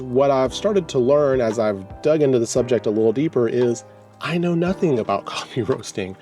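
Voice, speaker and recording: A man's voice: on the low side, warm tone. A man from Texas talking casually in a vlog, easygoing and self-deprecating, reading product notes aloud as he shops. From Texas, USA. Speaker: home coffee roaster vlogger.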